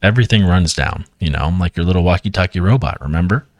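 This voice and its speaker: Reassuring sci-fi father, read by a low-voiced man, quiet and dry. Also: fast, dry recording. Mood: patient. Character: cheerful future father of young kids.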